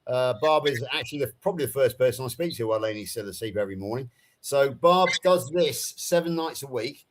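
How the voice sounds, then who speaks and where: A man hosting a live stream over a video call, talking casually in a relaxed, halting way with many fillers. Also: mid-range voice. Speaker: livestream host.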